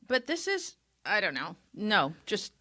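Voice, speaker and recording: Bright chatty woman co-host. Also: mid-range voice, huge pitch swings, unhurried. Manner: chatty, self-deprecating. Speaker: podcast co-host. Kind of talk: casual chat.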